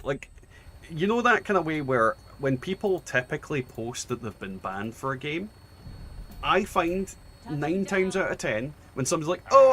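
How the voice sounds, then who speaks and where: A man's voice: medium pitch, a bit bright. A young adult man streaming a game, chatting casually and ranting with lots of swearing and restarts. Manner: ranting, profane, many restarts. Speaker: gaming streamer. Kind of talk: casual chat while gaming.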